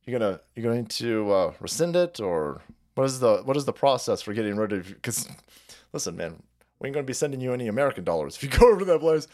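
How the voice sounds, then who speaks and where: A man's voice: mid-range voice, sing-song, quick pace, darkish tone. A man hosting a livestream, ranting in profane, sarcastic commentary and laughing between his lines. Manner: sarcastic, swears constantly, laughs mid-sentence. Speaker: livestream host.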